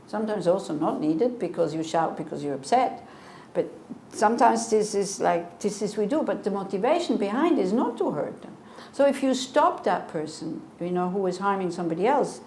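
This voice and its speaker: A woman's voice: medium pitch, a little mellow. Woman in her 60s teaching buddhism, chatty and earnest, echoey room with a bit of hiss. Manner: conversational, earnest, with rhetorical questions. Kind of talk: dharma teaching with Q&A. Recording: echoey room, faint noise.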